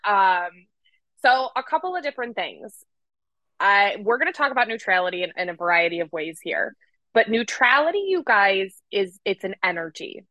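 Bright, energetic woman podcast co-host. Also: mid-range voice, normal speed, no room sound, poor audio. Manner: energetic, profane, playful. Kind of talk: casual podcast chat.

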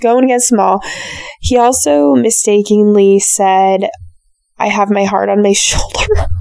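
Woman, hoarse and raspy, gravelly low-toned delivery, chatty and opinionated recap host, dry close sound. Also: a little mellow, no room sound. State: hoarse, sore throat. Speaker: reality show recap host. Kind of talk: casual solo recap commentary.

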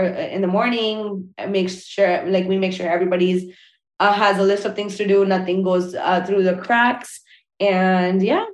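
Woman wedding planner in an echoey room. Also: medium pitch. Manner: relaxed, frequent fillers and restarts. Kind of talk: casual interview chat.

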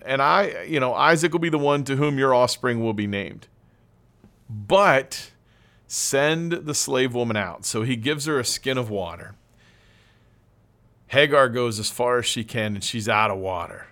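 A male pastor retelling a Bible story in a casual, animated sermon, often addressing listeners as "gang". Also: mid-range voice, measured pace.

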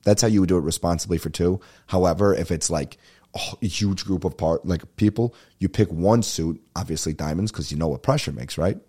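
A man's voice: low voice, fairly quick, mellow, slightly rough. A young man hosting a comedy podcast, rambling and swearing in a laid-back, casual way. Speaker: podcast host and stand-up comedian. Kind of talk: casual solo podcast chat.

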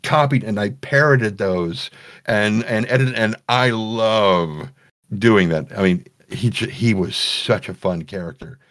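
A man's voice: fairly low pitch, measured pace. A man who narrates audiobooks, talking animatedly as a guest in a casual podcast interview. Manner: animated, chatty, self-correcting restarts.

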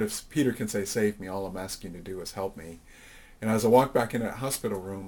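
A middle-aged man with a low voice recounts his life story as an interview guest. He talks reflectively, with plenty of fillers, and gives the people he quotes voices of their own. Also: darkish tone, husky.

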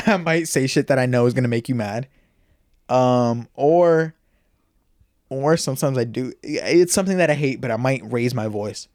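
A young man hosting a casual podcast, loud by his own account, laughing and restarting often. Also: mid-range voice, moderate pace, no echo, studio quality. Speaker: podcast host. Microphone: podcast mic.

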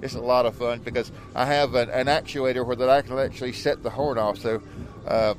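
Guest: man in a full-head costume, words muffled through a mask, mid-pitched, chatting outdoors. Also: steady tone, brisk. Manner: muffled, as if talking with something in his mouth. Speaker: guest, movie vehicle owner. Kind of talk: casual outdoor interview. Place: outdoors at a haunted attraction.

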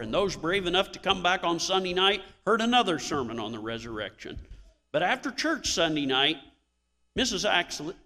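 A man's voice: sits high, bright, forceful tone, long reverb tail. A male pastor preaching a sermon in a church, telling stories with emphatic swells of emphasis.

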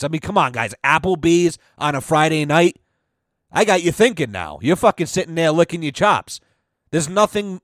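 A man's voice: fairly high pitch, no room sound, studio quality. A young man hosting a podcast, telling rambling comic stories in a casual, profane monologue. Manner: profane, rambling, animated storytelling. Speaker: podcast host.

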